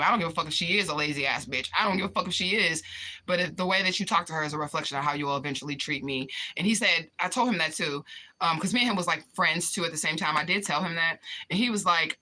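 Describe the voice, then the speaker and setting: A woman live-streaming her personal stories with a very bright, forward voice. She talks casually and profanely, answers her viewers and gets animated as she tells the stories. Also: deep voice, slight background noise. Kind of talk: casual storytelling vlog.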